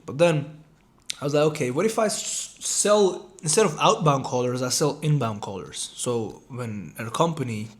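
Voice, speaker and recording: A man's voice: medium pitch, expressive, normal speed. A young man telling a personal story in a casual, profane way, often repeating himself and saying "bro". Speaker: online business creator.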